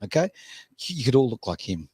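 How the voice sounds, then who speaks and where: Aussie guy hosting, lively up-and-down voice, jokey, dry close sound. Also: mid-range voice, a little fast, slightly rough, no room sound. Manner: joking, animated, teasing. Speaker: show host. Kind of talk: casual banter.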